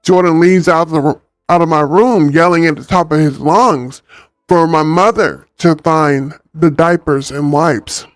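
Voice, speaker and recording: A relaxed, chatty man reads a story aloud on a livestream, ad-libbing as he goes. He talks unhurriedly, his pitch leaping around lively. The sound is dry and close, with faint music behind him. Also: no echo. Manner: laid-back, chatty, ad-libbing. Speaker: streamer reading a book. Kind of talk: casual livestream story reading.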